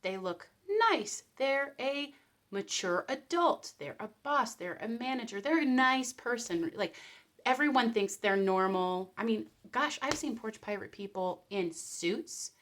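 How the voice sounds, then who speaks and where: Woman, vlogger, casual commentary, animated delivery, acts out quotes. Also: on the high side, unhurried.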